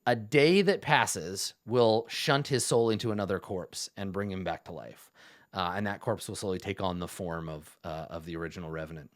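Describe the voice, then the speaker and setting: A man's voice: low voice, normal speed, no room sound, studio quality. A man narrating as game master in a loose, rambling way, full of fillers.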